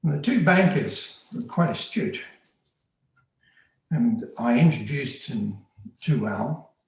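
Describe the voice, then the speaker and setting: A man's voice: mid-range voice, very animated, slow pace, a little mellow. Man telling a story in an echoey room. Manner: earnest, conversational, plain-spoken. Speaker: storyteller recounting undercover work. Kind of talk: first-person storytelling.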